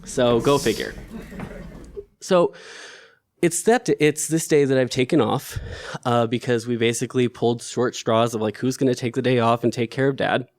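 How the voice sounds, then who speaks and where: A man's voice: mid-range voice, fairly even intonation, normal speed. A man telling an emotional true story about his own life in an earnest way. His voice lifts sharply when he grows upset. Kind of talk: personal storytelling.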